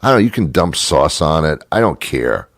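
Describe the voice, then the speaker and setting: A middle-aged man hosts a talk show with a sardonic, joking delivery. His voice sits very low but swings widely in pitch. The sound is dry and close. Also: very animated, moderate pace, no echo. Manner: sardonic, acts out both sides of imagined dialogues. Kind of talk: comedic monologue and interview.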